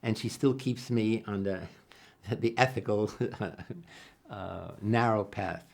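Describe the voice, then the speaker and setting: An older man, a psychologist, answering interview questions in an earnest, animated way, acting out quoted dialogue and often restarting his sentences. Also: on the low side, slow, gravelly. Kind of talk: reflective interview storytelling.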